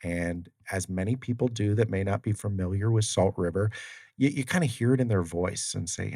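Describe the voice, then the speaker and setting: Low-voiced man telling stories with many fillers. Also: a little fast, dark tone, dry recording, clean studio sound. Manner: storytelling, acts out quoted exchanges, many fillers. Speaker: guest, tribal community development official. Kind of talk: casual interview talk. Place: studio. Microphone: studio mic.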